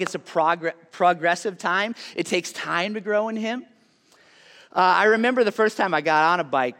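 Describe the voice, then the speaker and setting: A man giving a casual sermon to a live audience. He chats in an animated way with lots of "like" asides, then drops to a soft, hushed tone for earnest appeals. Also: on the high side. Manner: chatty and animated, full of "like" asides. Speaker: youth speaker. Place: large hall with a live audience. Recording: long hall reverb.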